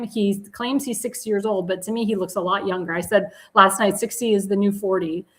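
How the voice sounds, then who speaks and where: A woman's voice: medium pitch, a bit bright, low-quality recording. A woman hosting a live political talk show, plugging candidates with enthusiasm, repeating calls to donate and correcting herself mid-sentence.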